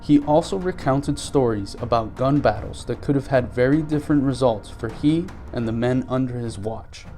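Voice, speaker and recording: A male reporter gives measured, scripted narration in a mellow, warm voice. Soft music plays under his voice. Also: mid-range voice. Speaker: news reporter.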